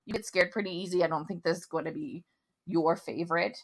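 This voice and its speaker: A woman's voice: on the low side, fairly quick. A woman in her thirties co-hosting a podcast, chatting casually in long run-on stories. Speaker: podcast co-host. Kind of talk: casual chat.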